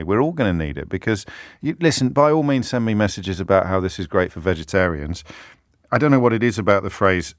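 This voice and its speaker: A man's voice: lowish voice, no room sound, clean studio sound. A man with a British accent hosting a radio phone-in, sardonic and talking straight to his listeners. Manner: sardonic, puts on mocking voices of callers. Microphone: studio microphone.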